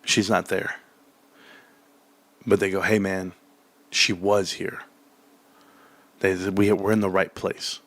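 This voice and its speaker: A man's voice: slow, long pauses, no room sound. A man telling a childhood story in casual chat, laughing often and acting out voices. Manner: animated, acts out childhood voices in a high excited pitch.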